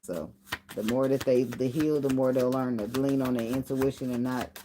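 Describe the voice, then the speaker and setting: Deep-voiced lady doing a chill tarot reading, blunt, cusses a bit, cards shuffling and clicking in the background. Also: normal speed, dark tone, a little hiss or hum, low-quality recording. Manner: loose, blunt, swears casually, thinks aloud. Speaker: tarot reader. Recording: card shuffling and clicks behind the voice.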